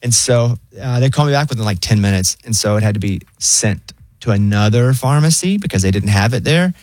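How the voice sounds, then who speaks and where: A young adult man co-hosting a casual chat show, telling stories in an animated way and acting out voices. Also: fairly low pitch, a little fast, dry recording. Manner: animated storyteller, acts out a chill robot voice. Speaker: co-host.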